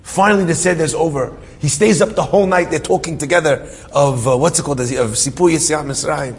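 A man's voice: on the high side, a little fast, breathy edge. Man preaching a dramatic story in a hall. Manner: emotional, with frequent restarts and repeated phrases. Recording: reverberant hall with faint ambience.

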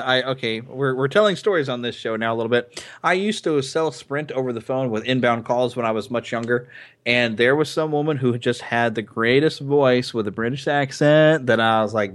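Podcast guy, average pitch, playful, laughs a lot, acts out quotes. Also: moderate pace. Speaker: podcast co-host. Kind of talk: casual chat.

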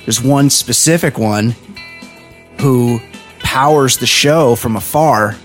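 A man hosting a podcast, rambling through casual stories and doing quick voices for his friends. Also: medium pitch, soft background music. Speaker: podcast host. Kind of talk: casual chat.

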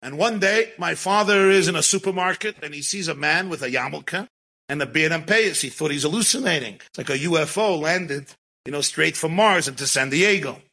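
Guy telling a long story w/ words mixed in, bright and kinda husky. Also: fairly high pitch, fairly quick, rough recording. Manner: animated, mixes Yiddish and Hebrew words into English. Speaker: rabbi and storyteller. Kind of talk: storytelling talk.

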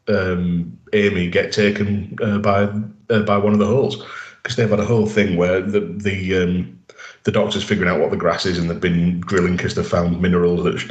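A man's voice: deep voice, level tone, normal speed, echoey room. A man co-hosting a casual podcast, recapping episodes at length with lots of fillers and restarts. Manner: rambling, enthusiastic recaps with many fillers. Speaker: podcast co-host. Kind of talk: casual chat.

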